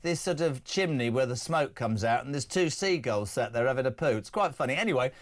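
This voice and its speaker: A man hosting a live talk radio show, reading listener messages aloud in a brisk, jokey way. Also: medium pitch, lively intonation.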